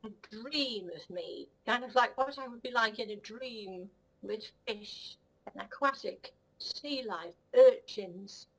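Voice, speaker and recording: A woman's voice: on the high side, takes it slowly, breathy edge, full character voice, low-quality recording. A woman voicing a vain, cheeky female cat who rambles rudely and admires herself. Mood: cocky rambling. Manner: rambling, rude, self-admiring, giggly. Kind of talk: comic puppet-style monologue.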